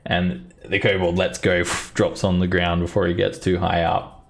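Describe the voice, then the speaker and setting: A man's voice: low voice, completely flat delivery, a little slow, gravelly, faint music behind. A man running a tabletop game as dungeon master, narrating easily with chuckles and fillers.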